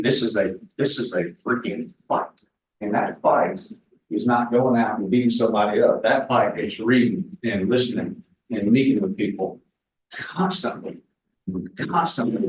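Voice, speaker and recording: A mid-range male voice, far from the mic with slight hiss or hum, comes through dull and echoey. The speaker, a man in his forties, is a folksy guest at a real estate team meeting, swapping candid stories and jokes with the audience.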